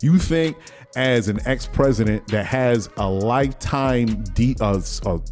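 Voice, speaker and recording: A man's voice: mid-range voice, measured pace, darkish tone, faint music behind. A man hosting his own podcast, giving a rambling solo commentary with lots of restarts while sniffling from a cold. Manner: repetitive restarts, mocking quoted voices. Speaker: podcast host.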